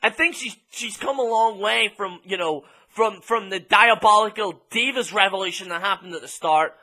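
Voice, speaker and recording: A man's voice: high-pitched, normal speed, sharp tone. An Irish man reviewing a wrestling show in a blunt, sweary, casual rant full of ums. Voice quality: blunt, sweary, filler-heavy with many ums.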